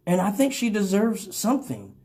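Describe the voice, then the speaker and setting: Animated, profane male storyteller. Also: moderate pace, slightly rough. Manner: animated, profane, swings from loud exclamations to low mutters. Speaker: radio show host. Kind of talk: casual storytelling to a live audience.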